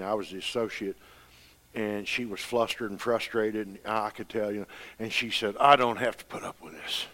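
A middle-aged man preaching a sermon, telling homespun stories with rising fervor. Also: fairly low pitch. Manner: folksy, impassioned storytelling preacher.

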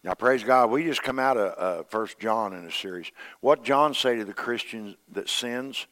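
An older man preaching a sermon as pastor, swinging between loud emphasis and hushed, quiet passages. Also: medium pitch, normal speed.

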